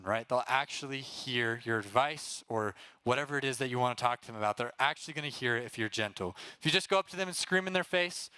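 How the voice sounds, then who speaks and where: A young man preaching to a youth group in a casual, energetic way, often checking in with the room and getting them to call out answers. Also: mid-range voice, smooth, no room sound. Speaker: youth pastor.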